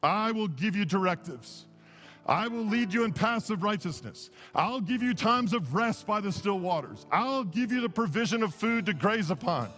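A man's voice: high voice, lively intonation, normal speed, faint music behind. Impassioned male preacher in a reverberant church. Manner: impassioned, swings from hushed to emphatic. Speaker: pastor. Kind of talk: sermon. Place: church sanctuary.

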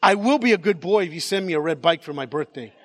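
A man's voice: on the high side, expressive, quick pace. A man voicing a naughty little boy who schemes through his letters in an exaggerated reading voice. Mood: sheepish.

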